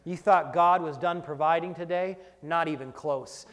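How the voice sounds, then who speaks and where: A man preaching a sermon as pastor, moving between hushed whispers and loud shouted refrains. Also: on the high side, moderate pace, few pauses. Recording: long hall reverb.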